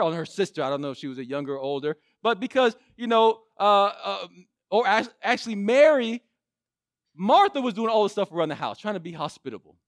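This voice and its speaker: A male preacher retelling a Bible story in an animated sermon, with frequent restarts. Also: high voice, no room sound, clean studio sound.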